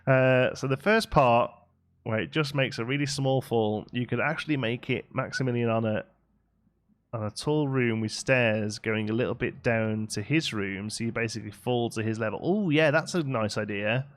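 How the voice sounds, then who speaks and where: Playing a building game on a live stream, a man comments casually and chats, reading out messages from chat and answering them. His voice is mid-range, at a normal speed.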